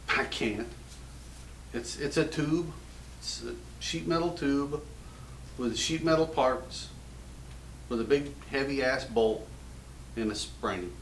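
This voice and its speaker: A man's voice: medium pitch, fairly bright tone, a little hiss or hum. Joking American man in a roomy space. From United States. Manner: goofy, self-mocking, rambling jokes. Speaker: gun show host. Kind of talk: casual joking show-and-tell. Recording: roomy echo from a distant mic.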